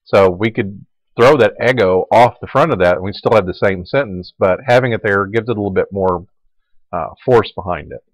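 Male Latin teacher, low voice, relaxed lecture delivery, dry recording. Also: normal speed, no echo, poor audio. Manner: relaxed explaining, repeating forms aloud.

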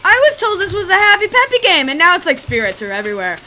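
A woman's voice: very high voice, wildly swooping pitch, quick pace, pushed and bright, slight background noise. A young woman giving goofy, chatty let's play commentary, full of exclamations. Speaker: gamer.

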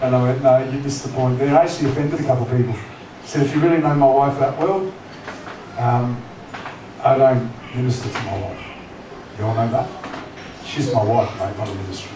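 A man's voice: medium pitch, fairly even intonation, fairly quick, long pauses. A man preaching a sermon as pastor, conversational and teasing, often asking the congregation questions. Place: church hall. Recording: echoey church hall, distant mic, noisy.

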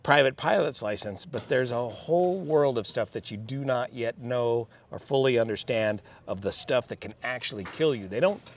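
A man in his later years recalls his flying career with steady, thoughtful pacing. His pitch sits at an ordinary middle level, and he restarts phrases as he gathers his thoughts. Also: a little hiss or hum. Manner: reflective, measured, with restarts. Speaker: interview guest, airline pilot. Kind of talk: relaxed storytelling.

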